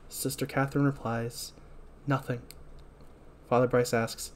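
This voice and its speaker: A man talks through an episode in easy podcast chat, his voice sitting at an ordinary middle pitch. He reads quoted lines plainly, then speeds up and pushes harder when a point riles him. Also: a little hiss or hum. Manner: reads episode notes and quotes dialogue flatly between asides; gets heated and fast when ranting. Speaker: podcast co-host. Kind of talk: casual podcast recap.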